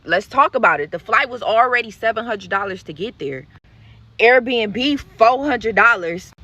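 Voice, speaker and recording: A woman's voice: mid-range voice, pushed and bright. A woman telling a story to her viewers in a vlog, blunt and profane, with lots of animation in her delivery. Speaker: content creator.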